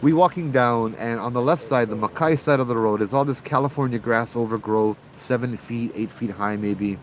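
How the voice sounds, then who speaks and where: A man with a Hawaii local accent telling a ghost story casually, animated, acting out the voices of people in it. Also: mid-range voice, normal speed, slight background noise, poor audio. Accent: Hawaii local English. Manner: animated, acts out voices in dialogue. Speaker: ghost tour guide and storyteller.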